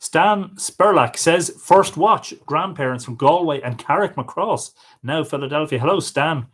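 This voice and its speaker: A man's voice: a little high, animated, measured pace, a bit bright, slightly rough. A man with an Irish accent hosting a livestream, chatting casually and reading viewers' comments aloud, greeting each one by name. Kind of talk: casual live chat.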